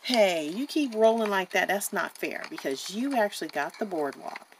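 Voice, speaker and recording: A woman voicing a chatty young woman in a doll-play story, talking in an animated, indignant and giggly way. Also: medium pitch, normal speed, noisy background, close to an everyday voice. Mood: playful.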